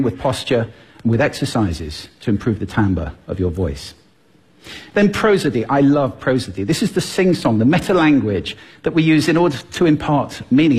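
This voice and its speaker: A man's voice: mid-range voice, a little mellow, breathy edge. A man giving a stage talk to a live audience, playful and demonstrating points with his own voice. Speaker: public speaker on voice and speaking.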